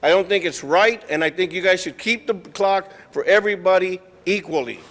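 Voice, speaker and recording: A man's voice: sits high, moderate pace, a bit bright, in a large hall. A man giving a firm, lecturing public comment at a city council meeting, speaking into a podium microphone in the council chamber.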